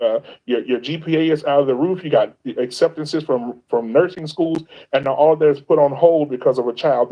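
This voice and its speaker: A man's voice: on the high side, mellow, muffled recording. A man speaking as a guest on a livestream, earnest and emphatic, often restarting his sentences. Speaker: guest on a livestream, content creator. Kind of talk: casual livestream chat.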